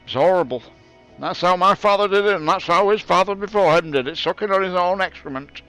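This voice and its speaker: Brief: cranky old-timer, put on by a man, high and loud, ranting about the good old days. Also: brisk, smooth, soft background music, poor audio. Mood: grumbling rant. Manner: ranting, indignant, exaggerated. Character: grumbling old man, nostalgic, scornful of youth.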